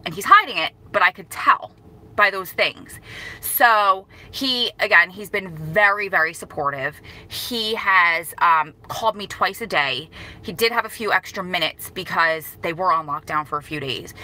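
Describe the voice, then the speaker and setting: Her voice sits on the lower side as this emotional vlogger speaks casually to her viewers, near tears, rambling and saying sorry with many restarts. The low-quality recording comes across pushed and bright.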